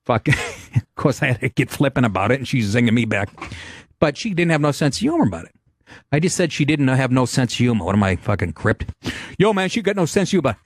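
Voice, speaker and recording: A middle-aged man hosting a podcast, telling stories in a brash, profane, animated way. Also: medium pitch, quick pace, no room sound. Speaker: podcast host, comedian. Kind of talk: casual podcast chat.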